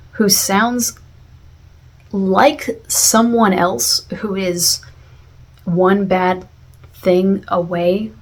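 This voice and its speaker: A woman with a lowish, husky voice gives a casual spoken review. She is reflective and unhurried, restarting sentences and filling pauses with "uh" and "um" as she thinks aloud. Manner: reflective, frequent fillers and restarts. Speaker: video essayist.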